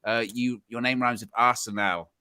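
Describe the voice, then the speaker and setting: A man's voice: mid-range voice, fairly even intonation, normal speed, bright, forceful tone, smooth. A man on a casual football fan panel, teasing a co-host and reading viewer comments aloud. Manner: mocking, reads comments aloud.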